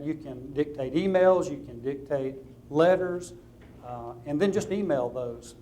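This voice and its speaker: A man's voice: a little high, a little mellow, a little hiss or hum. A man with a Southern US accent giving a conversational seminar talk to fellow attorneys. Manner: conversational, practical, with light anecdotes. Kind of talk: conference presentation to lawyers.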